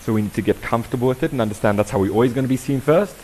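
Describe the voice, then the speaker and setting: A South African man facilitating a workshop, talking with an audience in a lively, conversational way and asking them questions. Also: medium pitch, rapid-fire, slight background noise, poor audio. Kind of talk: interactive talk to an audience.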